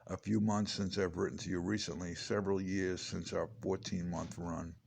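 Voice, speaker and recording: A man's voice: deep voice, level tone, moderate pace, vocal fry, a little mellow, slight background noise. A man in his late fifties reading his own memoir aloud, chatty and digressive with wry asides. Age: 50s. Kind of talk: rambling memoir narration. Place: home.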